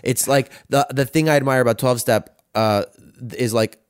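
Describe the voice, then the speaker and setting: A man's voice: mid-range voice, steady tone, moderate pace, smooth, dry recording, clean studio sound. A man in his thirties hosting a podcast, talking candidly in a rambling, self-reflective way with plenty of swearing. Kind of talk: candid conversational chat.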